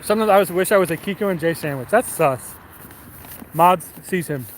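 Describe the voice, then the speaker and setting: A man's voice: sits high, fairly quick, a little hiss or hum. A young man live streaming while walking a city street at night, chatting casually and profanely with his viewers. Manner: rambling and profane.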